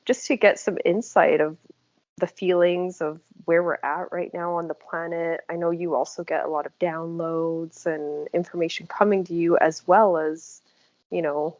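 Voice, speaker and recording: Lowish woman hosting a spiritual chat, laughs a lot, dull dry sound. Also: a little mellow, no echo. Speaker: channel host.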